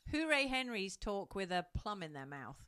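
A woman co-hosting a podcast in casual chat, brisk and teasing. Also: mid-range voice, sing-song, bright, forceful tone, smooth. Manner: teasing, laughs often, brisk and matter-of-fact. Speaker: co-host.

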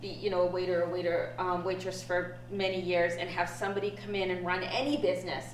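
Female director, measured and diplomatic, distant mic in an echoey room. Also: on the low side, little pitch movement, a little hiss or hum. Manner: measured and diplomatic, thinks aloud with ums. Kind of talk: casual chat.

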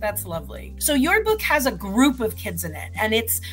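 A woman book editor interviewing an author, asking questions in a warm, encouraging way. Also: on the high side, huge pitch swings, moderate pace, faint music behind, low-quality recording. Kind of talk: video interview.

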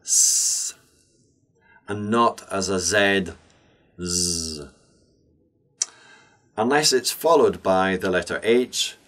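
A man presents a scripted English pronunciation lesson in a low voice. He moves slowly and deliberately, shaping each consonant with care so learners can copy him. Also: expressive, a bit bright. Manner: slow, deliberate, clearly enunciated.

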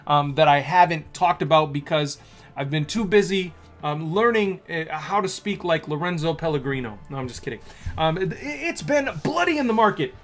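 A man hosting a casual stock market video, reading news aloud and rambling excitedly between the lines. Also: on the high side, normal speed. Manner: excitable and rambling, with many restarts and asides.

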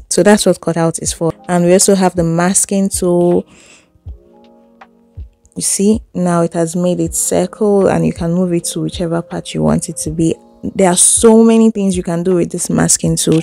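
Seated indoors and recorded on a phone, a woman gives a chatty, step-by-step screen tutorial on editing, punctuated by little laughs. Her voice is on the low side, gravelly and mellow.

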